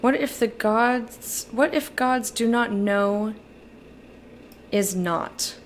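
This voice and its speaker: A woman's voice: fairly high pitch, extremely slow, a little hiss or hum. Chatty young woman streaming a game. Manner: chatty, reads game dialogue aloud between musings. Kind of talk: casual let's-play commentary.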